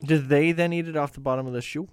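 Give me a sarcastic male comedy host with a fairly high voice and a dry sound. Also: steady tone, quick pace, clear, resonant tone, no echo. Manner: teasing, sarcastic. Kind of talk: mock interview banter.

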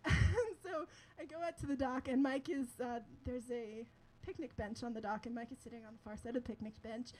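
A woman's voice: on the high side, fairly even intonation, brisk, a little mellow, poor audio. A young woman telling a personal story to an audience, chatty and laughing often, with lots of filler words.

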